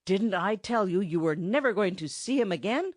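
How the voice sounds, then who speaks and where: A woman reading the part of a wicked male enchanter who speaks coldly and gruffly, with sneering contempt. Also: medium pitch, animated, normal speed, no room sound, clean studio sound, close to an everyday voice.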